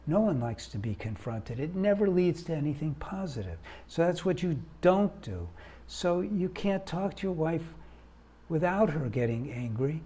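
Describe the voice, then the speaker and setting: A man who founded a marriage organization, giving earnest, emphatic advice straight to the viewer. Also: fairly high pitch. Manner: earnest, emphatic, rising into animated urging. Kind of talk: direct-to-camera advice talk.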